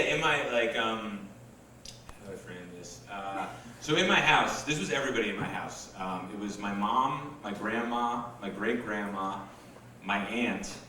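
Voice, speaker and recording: A man performing a stand-up comedy set in a live venue, telling stories with deadpan punchlines. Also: on the low side. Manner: conversational storytelling with deadpan punchlines. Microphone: camcorder recording from the back of the room. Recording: echoey room taped from far off on an old camcorder, with hiss.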